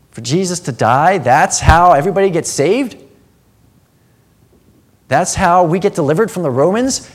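A man preaching a sermon, earnest, dropping to a hushed tone and then rising to emphatic passages. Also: a little high.

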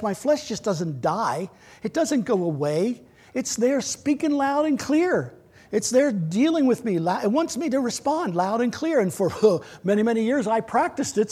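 A middle-aged male pastor preaching an earnest sermon in a church. His voice sits high and has a husky edge. He swings from loud, raised lines to hushed, almost whispered ones.

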